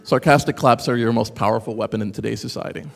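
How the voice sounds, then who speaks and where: A man giving a lively conference talk, sarcastic and animated, rambling with asides to the audience. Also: medium pitch, quick pace, gravelly. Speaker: conference speaker. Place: conference hall. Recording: echoey hall.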